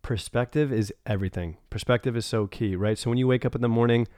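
A man's voice: mid-range voice, fast talker, a little mellow, no room sound, clean studio sound. A man hosting a podcast, encouraging and reflective as he sums up his guest's points. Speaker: podcast host. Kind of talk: casual podcast conversation.

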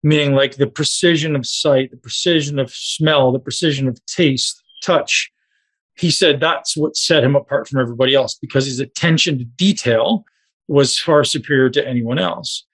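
A man's voice: mid-range voice, normal speed, fairly bright tone, husky. A man coaching a group on a call, talking casually and directly to his listeners.

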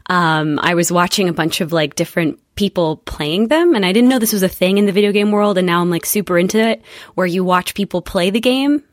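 A young woman from the UK, raised in Spain and the USA, chats casually as a podcast guest. Her voice sits a little low for a woman and sounds dry and close to the mic. She talks in a lively way, full of fillers. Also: a little fast, no room sound. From UK-born, raised in Spain and the USA. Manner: chatty and lively, frequent fillers. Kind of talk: casual conversational chat.

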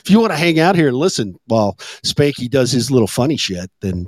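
A man's voice: mid-range voice, sing-song, no room sound. A man co-hosting a casual online talk show, swearing freely and laughing often. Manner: loud, swearing, quick to laugh. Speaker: co-host. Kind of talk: casual banter.

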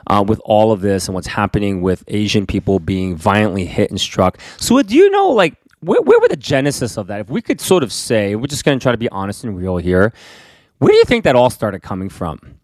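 Middle-aged man, lowish voice, dry close recording, reflective and encouraging co-host. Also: sing-song, fairly quick, darkish tone, dry recording. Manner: affirming listener, reflective and encouraging. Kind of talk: casual conversation.

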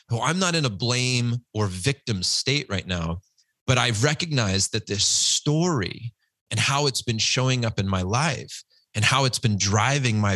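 Guest, male, 40s: emotional, earnest storyteller, bright forceful tone, dry close sound. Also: lowish voice, no room sound. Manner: emotional, earnest, acts out quotes. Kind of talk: candid personal storytelling.

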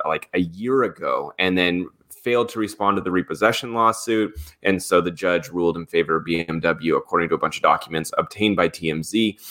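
A man co-hosting a celebrity gossip podcast, relaxed as he recaps news stories with fillers. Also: sits low. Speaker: podcast co-host. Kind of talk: casual celebrity news rundown.

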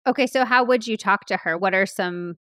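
A woman's voice: medium pitch, fairly quick, a bit bright, no room sound, clean studio sound. A woman hosting a podcast, asking questions in a curious, conversational way. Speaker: podcast host. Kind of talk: casual interview chat.

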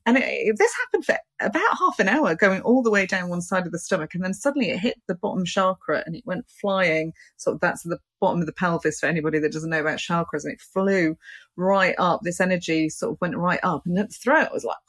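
A woman's voice: lively intonation, quick pace, fairly bright tone, slightly rough, no room sound. A middle-aged English woman, a psychic medium, telling her story in an interview, laughing often and acting out what people said. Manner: laughs often, acts out quoted voices with big pitch jumps.

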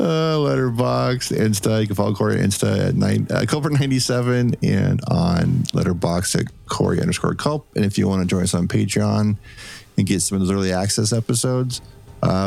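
Gravelly low-voiced man chatting. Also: a little fast, a little mellow. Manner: rambling, loose, with restarts and cursing. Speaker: podcast co-host. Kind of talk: casual chat.

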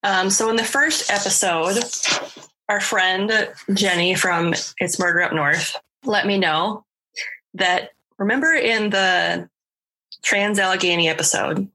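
A woman's voice: mid-range voice, unhurried, pushed and bright. A woman hosting a podcast, chatting casually and upbeat with her co-host.

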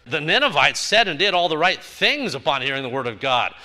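A man's voice: a little high, sing-song, brisk, pushed and bright. A male pastor preaching a sermon, emphatic and building his points through repeated phrases.

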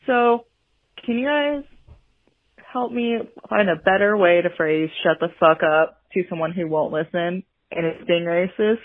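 A woman's voice: fairly low pitch, a little slow. A woman leaving a voicemail, nervous and giggly as she rambles through her question. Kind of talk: voicemail message. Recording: tinny phone-line voicemail.

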